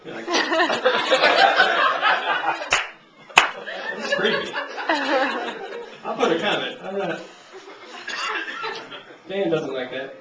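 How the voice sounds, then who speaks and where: A man's voice: on the high side, unhurried, heavy background noise. A young man doing a stand-up comedy set, rambling in a laid-back way and acting out characters in raised voices. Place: comedy club stage. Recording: distant, roomy, muffled amateur club recording. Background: audience laughter.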